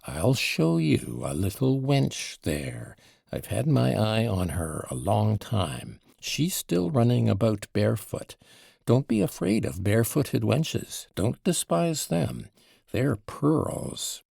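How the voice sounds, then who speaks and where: A man's voice: medium pitch, big pitch swings, slow pace, vocal fry, darkish tone, husky, no room sound, clean studio sound, exaggerated voice. A man reading the part of a drunken, quarrelsome old father who rambles, wheedles and taunts, in an audiobook. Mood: wheedling.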